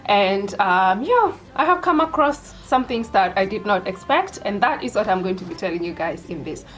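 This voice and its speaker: A woman's voice: mid-range voice, lively intonation, moderate pace, low-quality recording. A young woman from Kenya with a Kenyan accent, chatting casually to her viewers in a vlog. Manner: chatty and direct, addresses viewers as "you guys". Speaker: vlogger. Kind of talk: casual vlog talk to camera.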